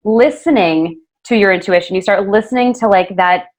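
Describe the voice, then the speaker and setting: A woman's voice: mid-range voice, moderate pace. A woman hosting a podcast interview, talking in an earnest, casual way with many fillers and self-corrections. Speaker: podcast host interviewing a guest.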